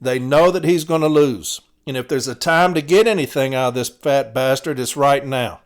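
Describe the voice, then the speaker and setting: A man's voice: medium pitch, moderate pace. A man, a city letter carrier hosting a podcast, delivering a blunt, profane, fired-up monologue while tired. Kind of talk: casual opinion monologue.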